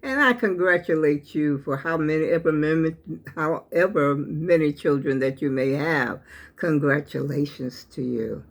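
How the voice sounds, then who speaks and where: An older woman with a drawl speaks straight to her viewers, and she sounds earnest and emotional. Her voice sits a little low. She preaches gently about family and keeps calling her listeners "y'all.". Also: a little slow, vocal fry. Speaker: channel host. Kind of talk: heartfelt talk to camera.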